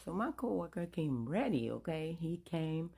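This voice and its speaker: A young woman telling a comedic storytime in a casual, animated way, quoting everyone. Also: deep voice, normal speed, creaky, slightly rough. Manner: animated, breathless quoting, rising to loud.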